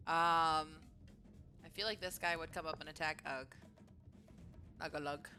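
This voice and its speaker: A woman running a tabletop game as dungeon master, chatty and quick to laugh. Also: deep voice, steady tone, bright, forceful tone, soft background music.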